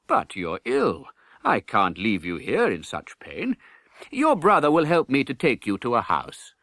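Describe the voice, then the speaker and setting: A man as a firm, measured passer-by. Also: mid-range voice, huge pitch swings, fairly bright tone, no echo, clean studio sound, pitched above the performer's own voice, exaggerated voice. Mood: kindly. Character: kindly passer-by turned stern.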